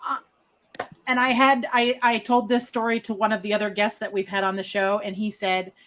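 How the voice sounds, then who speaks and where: A woman co-hosting a casual chat, telling her own story with lively acted-out quotes. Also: medium pitch, normal speed, slight background noise. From Catskills, New York. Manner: animated storyteller, acts out quotes. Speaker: co-host.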